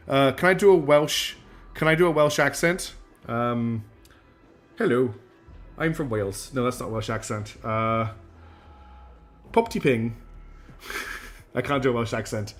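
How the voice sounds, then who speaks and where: A man streaming live, thinking aloud through his gameplay and chatting back to viewers. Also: on the high side. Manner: thinks aloud while playing and answers chat.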